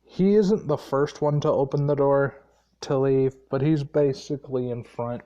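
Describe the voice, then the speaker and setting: A tired man retells a fan story off the cuff. He talks slowly and drawls, pausing on fillers. He swears freely as he rambles along. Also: mid-range voice, mellow, highs cut off. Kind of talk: casual unscripted story retelling.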